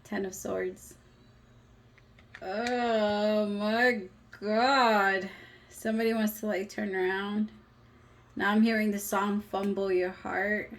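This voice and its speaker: A woman's voice: mid-range voice, fairly even intonation, takes it slowly, pauses often. A woman in her thirties giving a casual tarot reading, chatty and emotional, with some casual swearing. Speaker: tarot reader.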